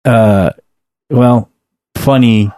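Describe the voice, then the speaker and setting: A man's voice: medium pitch, very slow, no room sound. An American man hosting a casual interview and asking loose, rambling questions. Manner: relaxed, rambling questions with restarts. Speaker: podcast host, interviewer.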